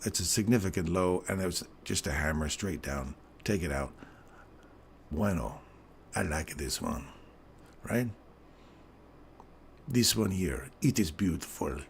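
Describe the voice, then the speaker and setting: A deep-voiced man talks through live trading charts in a loose, joking, explanatory way, often checking in with "right?". His voice has a groggy morning roughness to it. A faint ambient hum sits behind him. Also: expressive, measured pace. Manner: casual, explanatory, joking, keeps asking "right?". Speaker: trading stream host.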